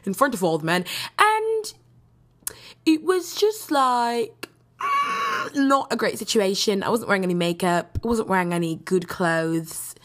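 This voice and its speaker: Young woman, podcast host, rambling casual storytelling, lively swooping pitch, frequent laughs. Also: unhurried. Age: young adult. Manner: animated, rambling, laughs often.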